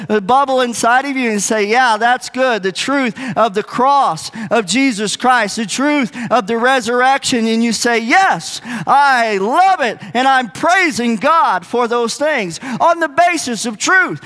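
A man's voice: extremely high pitch, a bit bright, long reverb tail. A man preaching a sermon in an earnest, conversational way, asking the congregation rhetorical questions. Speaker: pastor. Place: church sanctuary.

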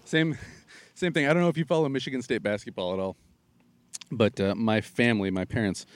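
A man in casual conversation, telling jokey stories in an animated way. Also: medium pitch, fairly quick, no room sound. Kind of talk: casual chat.

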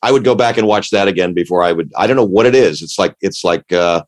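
A man with a lowish voice chatting casually. He rambles and restarts his sentences, warmly enthusiastic as he goes. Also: fast talker. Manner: rambling, self-interrupting, enthusiastic. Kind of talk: casual chat.

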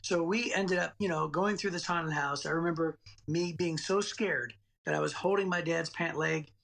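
A man in his late forties, a guest on a podcast interview, tells a personal story from his childhood, rambling and repeating words along the way. His voice is on the high side and creaky, with fairly even intonation, normal speed and a fairly bright tone.

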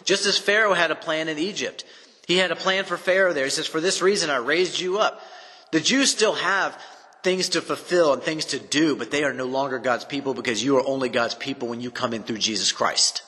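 An earnest man teaching through a Bible chapter in his own unscripted words, pressing his points by repeating them. His voice is bright and forward. It carries a long reverb, as if he speaks in a large room. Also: on the high side, a little fast.

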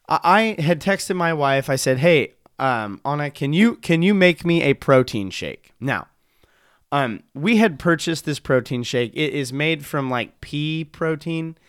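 A man hosting a casual comedy podcast, rambling and self-deprecating as he trips over his own restarts. His voice sits a little high and swoops around a lot, close and dry on the mic with no room sound. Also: a bit bright, no echo. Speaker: podcast host.

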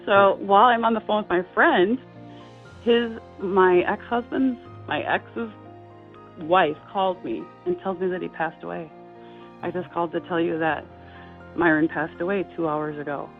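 A middle-aged woman, an interview guest, telling a personal story in a halting, heartfelt way with many fillers and restarts. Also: lowish voice. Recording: tinny phone-line sound with faint music.

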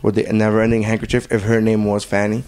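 A man's voice: lowish voice, completely flat delivery, fast, very noisy. A man co-hosting a casual chat, cracking crude jokes. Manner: crude, wisecracking. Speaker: podcast co-host.

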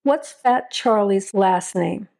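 A woman voicing a stern, steady male small-town sheriff who gives firm, measured commands. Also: mid-range voice, gravelly.

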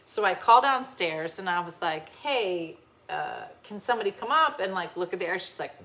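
A woman from New Jersey, USA, speaks in a lowish voice with vocal fry at a moderate pace. A little tipsy, she tells a story in casual chat, laughing and animated as she acts out the voices of the people in it.

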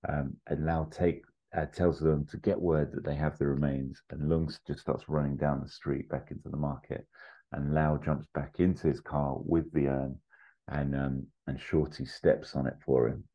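A man hosting a podcast, casually pitching an adventure story with fillers, asides and chuckles. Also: flat delivery, moderate pace, dark tone. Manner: rambling, full of fillers and asides, chuckles at own jokes. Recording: slightly muffled lo-fi audio.

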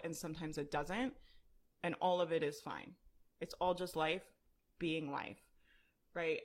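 A woman's voice: lowish voice, a bit bright. A woman podcast host and business coach talking candidly in a casual live video, with many "like"s and "right?"s. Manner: candid, conversational, frequent "like" and "right?".

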